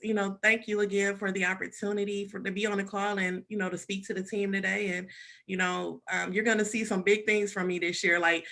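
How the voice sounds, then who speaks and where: Bright, excited woman guest on a team video call, grateful, chatty. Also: mid-range voice. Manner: excited and grateful, with filler words. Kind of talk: casual testimonial on a video call.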